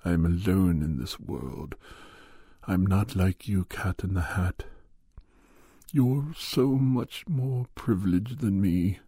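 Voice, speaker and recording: A man voicing a lonely, self-pitying male Grinch who repents, speaking slowly and mournfully. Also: deep voice, warm tone, slightly rough, no room sound, clean studio sound, heavily acted.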